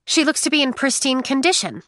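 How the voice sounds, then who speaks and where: A woman's voice: sits high, very animated, fairly quick, fairly bright tone, no room sound, pitched above the performer's own voice. A woman reading a dry young mechanic girl. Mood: appraising.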